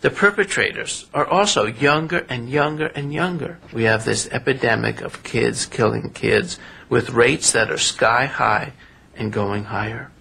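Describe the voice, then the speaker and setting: Gravelly man speaking urgently. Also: mid-range voice, a little slow, sharp tone, low-quality recording. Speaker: interviewee. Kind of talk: documentary interview.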